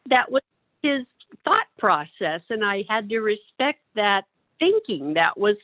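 A woman's voice: medium pitch, very animated, measured pace, no echo. A woman working as a caseworker, telling an anecdote in a conversation and acting out the other people's voices as she goes. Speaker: caseworker placing clients in homes. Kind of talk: storytelling in a conversation. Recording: tinny phone-like sound, dry.

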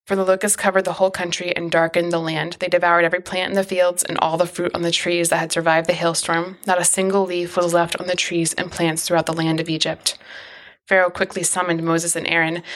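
Low-voiced woman reading scripture aloud. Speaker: podcast co-host and scripture reader. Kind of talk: casual chat, then plain scripture reading.

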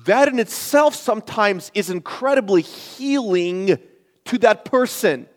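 A male pastor preaching a sermon in a church, emphatic and full of rhetorical questions, swinging from loud to hushed. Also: extremely high pitch, animated, unhurried. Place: church sanctuary. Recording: long hall reverb.

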